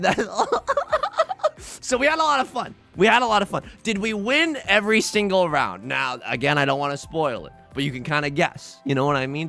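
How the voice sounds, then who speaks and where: A man's voice: mid-range voice, creaky, a bit bright. A young man casually commentating his own gameplay, thinking aloud and joking at his own expense. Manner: chatty, self-mocking, thinks aloud with frequent laughs. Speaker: let's play host.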